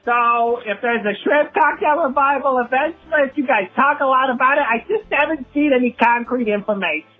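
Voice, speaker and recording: A high, gushing male caller who walks a pig rambles through a voicemail, as a man puts him on. The sound is thin and tinny, like an answering machine on a phone line. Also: moderate pace, hardly any pauses, faint music behind. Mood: rambling.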